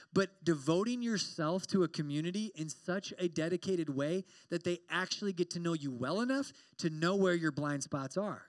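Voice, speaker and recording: A young man preaching a sermon as a campus pastor, animated and joking, acting out quoted exchanges as he talks. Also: sits high, no echo.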